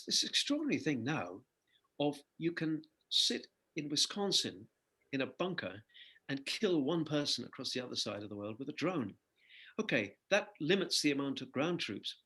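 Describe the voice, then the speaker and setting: An older man, a singer-songwriter guest in an interview, telling lively anecdotes and laughing between phrases. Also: on the high side, husky. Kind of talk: conversational interview storytelling.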